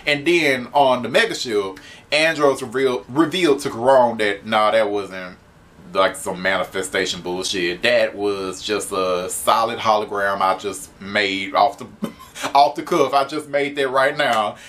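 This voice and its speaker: A man's voice: fairly low pitch, measured pace, fairly bright tone. A man giving a casual spoken comic book review, chatty, laughing often and swearing freely.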